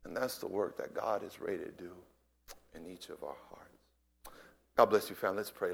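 A man preaching a sermon, swinging between hushed whispers and loud impassioned cries, often repeating his words. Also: sits low, normal speed, gravelly, pauses often.

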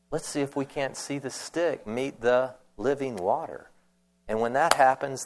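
Man preaching a lively storytelling sermon. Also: mid-range voice. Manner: animated storytelling, acting out voices in retold scenes; conversational, with restarts and asides.

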